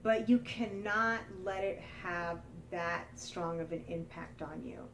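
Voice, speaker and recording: A woman's voice: lowish voice, unhurried, far from the mic, slight background noise, low-quality recording. A woman vlogging in a candid, casual storytelling monologue, acting out what other people said. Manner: candid, animated, mimics others in quotes. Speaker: lifestyle vlogger.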